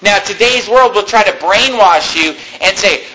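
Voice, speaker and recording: A man's voice: high voice, normal speed, hardly any pauses, sharp tone, slight background noise, poor audio. A man preaching a sermon in a conversational way, rising emphatically on his key points. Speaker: pastor.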